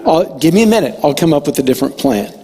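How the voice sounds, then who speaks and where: A man's voice: fairly high pitch, lively intonation, quick pace, warm tone, in a large hall. A man doing a sarcastic, mock-apologetic teacher.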